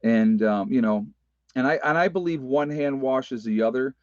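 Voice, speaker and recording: A man's voice: medium pitch, moderate pace, darkish tone, no echo, lo-fi sound. A man talking casually to his viewers in a folksy, emphatic way, often repeating himself and using fillers. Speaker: prepper vlogger. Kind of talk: casual chat to viewers, reading live comments. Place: rural off-grid homestead.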